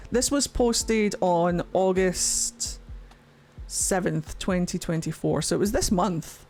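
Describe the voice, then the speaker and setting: A woman's voice: lowish voice, takes it slowly, a little mellow, faint music behind. A Scottish woman chatting casually on a livestream, talking freely and swearing often. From Scotland. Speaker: streamer.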